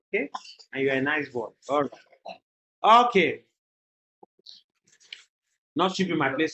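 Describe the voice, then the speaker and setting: Her deep, fairly bright voice comes through dull audio as this adult woman coaxes young children to repeat her prompts. The setting is an echoey classroom with faint noise in a temporary learning center.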